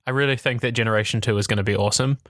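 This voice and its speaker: A man co-hosting a casual tech podcast, giving strong opinions with quick laughs. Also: mid-range voice, fairly even intonation, fairly bright tone, no echo, clean studio sound. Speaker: podcast co-host.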